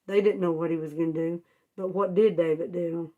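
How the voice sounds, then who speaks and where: In this storytelling Bible lesson for kids, a woman speaks fairly quickly in a steady, fairly low voice, and the audio sounds narrow and tinny. Her wording is homespun and informal, and she poses questions to the children before answering them herself.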